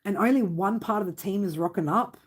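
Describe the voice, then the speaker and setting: A woman doing a live tarot reading for viewers. She talks bluntly and warmly, swearing often and tagging lines with "right?". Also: medium pitch, fairly quick, breathy edge. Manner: blunt, swearing, fond tough-love talk with many "right?" tags. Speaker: tarot reader.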